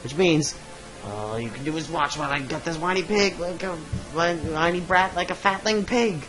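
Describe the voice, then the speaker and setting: A man voicing a gruff male bandit in a game, menacing and sneering. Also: a little high, moderate pace, music in the background, lightly acted.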